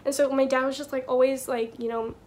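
A young woman in her twenties telling a personal story casually and softly, with many filler words. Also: sits high, flat delivery, fairly quick. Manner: soft-spoken, many filler likes, gets choked up. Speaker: vlogger.

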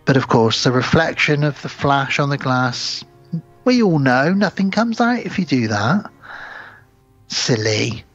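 A man's voice: medium pitch, expressive, a little slow, fairly bright tone, lo-fi sound, soft background music. A man co-hosting a podcast, retelling a film's plot in casual chat and acting out the characters' lines. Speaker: podcast co-host. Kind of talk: casual film recap chat.

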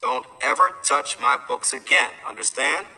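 A man's voice: mid-range voice, normal speed, pushed and bright. A man voicing a bossy older brother who tells off his little brother. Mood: stern. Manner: bossy, telling off. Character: bossy big brother, a schoolboy. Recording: voice from far off the mic.

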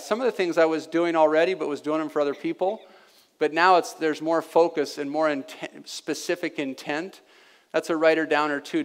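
A man giving a live seminar talk to an audience, energetic and forever tagging his points with "right?". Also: a little high. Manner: energetic, keeps asking "right?". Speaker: seminar presenter. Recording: long hall reverb.

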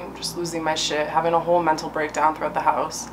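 A young woman telling a casual story-time vlog, chatty and full of fillers and swearing, a little high. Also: level tone, fast, background noise. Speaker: vlogger.

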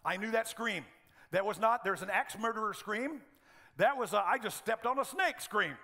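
A middle-aged man preaching a sermon as pastor of a church, telling humorous stories in an animated way. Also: sits high, moderate pace, creaky.

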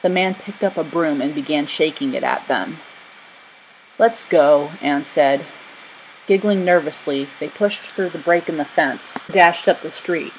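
A woman narrating a children's story in an expressive reading. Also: deep voice, moderate pace, slight background noise, rough recording.

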